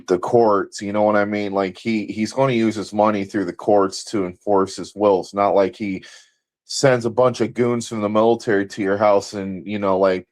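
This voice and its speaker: Rambling, cursing man, low voice. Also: darkish tone, no room sound. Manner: rambling, profane, searching for words. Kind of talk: casual political chat.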